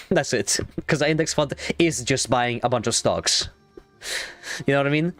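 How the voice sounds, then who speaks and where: A young adult man streaming a game, chatting casually in a rambling, excitable way and swearing freely. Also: medium pitch, brisk, no room sound, soft background music. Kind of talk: casual gaming stream chat.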